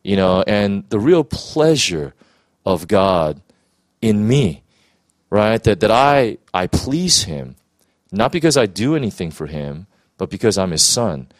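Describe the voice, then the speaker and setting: A man's voice: on the low side, very animated, slow pace, dry recording. A man who is a pastor telling an emotional personal testimony in earnest conversation, full of restarts and "you know"s.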